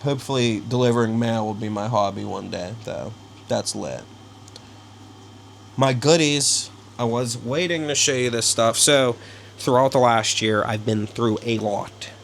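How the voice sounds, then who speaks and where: A young man vlogging casually from his bedroom, rambling and halting with many fillers. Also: medium pitch, creaky, a little hiss or hum. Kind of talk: casual self-interview. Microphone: small handheld camera.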